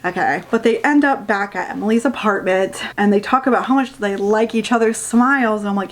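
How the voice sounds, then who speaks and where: A woman's voice: mid-range voice, fairly quick, few pauses. A woman giving a casual, sarcastic rant review of a book, swearing freely and sounding exasperated.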